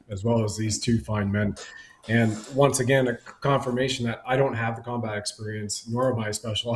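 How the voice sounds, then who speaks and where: A man's voice: fairly low pitch, echoey room, slight background noise, poor audio. A man speaking as a guest on a discussion panel, talking in long, rambling run-on sentences. He presses his points emphatically as one thought spills into the next. The sound comes through a video call.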